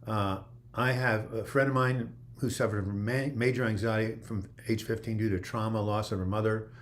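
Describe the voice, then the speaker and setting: A man's voice: lowish voice, steady tone, moderate pace, a little hiss or hum. A man hosting a casual livestream, reading viewer comments aloud and answering them in a loose, rambling way. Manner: rambling, with frequent "you know" and restarts. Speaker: livestream host.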